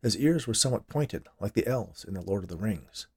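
Guy reading his own story on a podcast, lowish voice, acts out the lines. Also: fairly quick, husky. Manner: expressive, voices characters. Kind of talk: scripted story narration.

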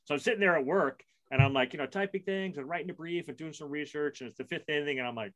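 A man in his forties co-hosting a casual podcast chat, rambling and self-mocking with quick bursts and restarts. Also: fairly high pitch, a bit bright. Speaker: podcast co-host.

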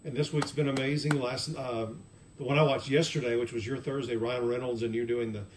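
A man's voice: mid-range voice, flat delivery, brisk, recorded from a distance, a little hiss or hum. A man interviewing a guest and throwing in short, eager questions and remarks. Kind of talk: casual interview chat.

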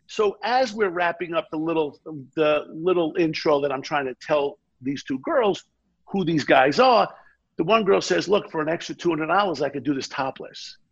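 A man tells a rambling story in a casual chat. His voice is fairly high for a man, gravelly and a bit husky, and he keeps acting out the people in the story. The audio is dull and lo-fi. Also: moderate pace. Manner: animated, quotes people mid-story. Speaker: guest.

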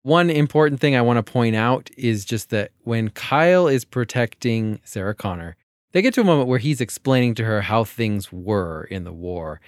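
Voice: medium pitch, lively intonation, no echo, clean studio sound. A co-host in a casual movie discussion, joking and riffing with frequent laughter. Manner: laughing, jokey and quick to riff. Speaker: podcast co-host.

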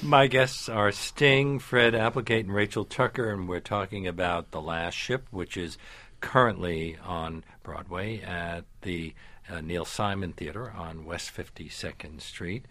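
Low-voiced male interview host. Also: a little slow, sharp tone. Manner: curious, conversational, hesitant fillers.

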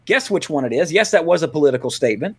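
A podcast co-host from Louisiana chats casually and rambles off on tangents, laughing a lot and restarting sentences. His male voice is a little high, with lively intonation, a racing pace and a slightly rough edge.

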